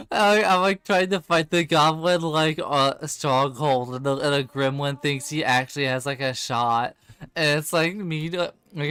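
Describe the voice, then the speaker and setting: A man's voice: medium pitch, a bit bright, clean tone, dry recording. A man in casual gaming chat, rambling and laughing, with many fillers as he plays. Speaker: game streamer.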